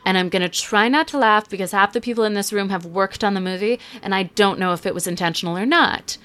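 A young woman hosting a podcast, chatting casually and sarcastically about a movie with quick asides. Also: medium pitch, a bit bright. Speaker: podcast host. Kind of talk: casual chat, movie review.

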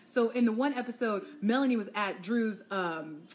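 A young woman with a fairly high voice chats alone on her podcast. She is animated and gossipy, and laughs often. She drops slang like y'all, sis and child as she goes. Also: moderate pace. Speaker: podcast host. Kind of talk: casual solo podcast chat.

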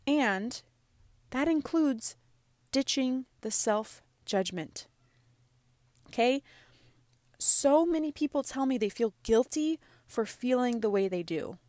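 A woman's voice: a little high, animated, takes it slowly, pauses often, mellow, no echo. A woman in her thirties talking casually about emotions and self-care, using lots of "like" and "right?". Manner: conversational, frequent "like" and "right?". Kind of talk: casual self-help talk.

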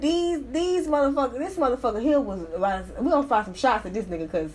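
A woman reads a news article and riffs on it in a loose, profane commentary. Her voice sits high, and she talks in an animated, sassy way, often breaking into laughter. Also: brisk, a little hiss or hum. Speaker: commentator reacting to a news story. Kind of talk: casual commentary reading and reacting to an article.

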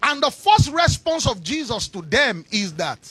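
A man preaching a sermon, shouting in a sing-song cadence and calling on the congregation to respond. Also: extremely high pitch, very animated, measured pace, husky, dry recording.

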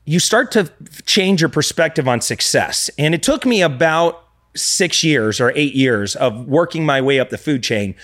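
A man's voice: a little high, expressive, moderate pace, fairly bright tone. A man in his thirties, a real estate investor talking earnestly as a podcast guest, often restarting sentences. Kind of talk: casual podcast conversation.

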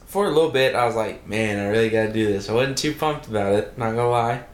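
Low-voiced man in an echoey room. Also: quick pace. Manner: joking, dry one-liners. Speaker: podcast co-host. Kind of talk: casual chat.

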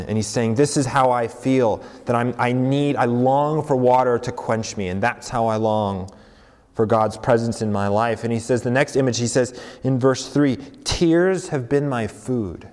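A man's voice: medium pitch, fairly even intonation, normal speed, a little mellow. A young adult man preaching a conversational sermon as a campus pastor, with frequent fillers and self-corrections. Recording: long hall reverb.

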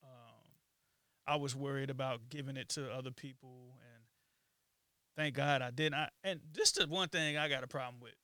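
A man co-hosting a podcast, speaking in casual chat with a reflective, halting manner full of ums and restarts. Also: mid-range voice, steady tone, bright, forceful tone, no room sound. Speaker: podcast co-host.

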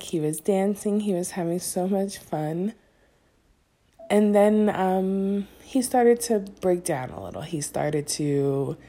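A woman's voice: on the low side, dark tone. Young adult woman, mother, confessional vlog, candid, self-critical, agitated. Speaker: mother vlogger.

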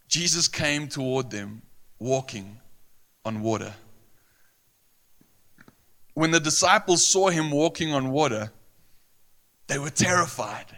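A male pastor preaches a sermon in a bright, forceful, slightly high voice. He's earnest and emphatic, often repeating phrases for weight.

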